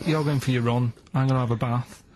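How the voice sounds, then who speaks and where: A man telling a comic story in a flat, matter-of-fact way as a regular co-host on a podcast. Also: medium pitch, fast talker. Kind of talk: deadpan comic anecdote.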